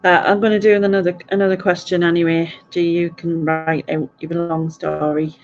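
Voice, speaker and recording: A woman's voice: fairly low pitch, little pitch movement, a little slow, long pauses, highs cut off, faint music behind. A woman hosting a quiz stream, chatting in a rambling way and laughing often. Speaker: quiz host. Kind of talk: casual live stream chat.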